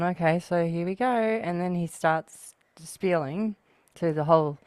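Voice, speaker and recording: A woman's voice: lowish voice, moderate pace, a little mellow, no room sound. A woman guest on a casual spiritual chat, telling a chatty family story and laughing often. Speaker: podcast guest.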